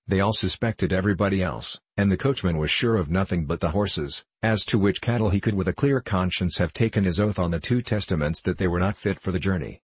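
Deep, husky male audiobook narrator. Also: no echo. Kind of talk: scripted classic novel narration.

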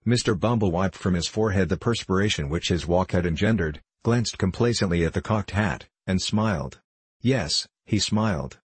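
Deep, husky male audiobook narrator. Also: animated, no echo. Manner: measured, formal storytelling. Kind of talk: scripted narration of a classic novel.

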